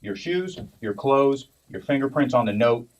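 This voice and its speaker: A man's voice: medium pitch, animated, moderate pace. A man working as a detective who speaks curtly and firmly, cutting off an arrested woman in a police station. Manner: curt and firm, cuts her off.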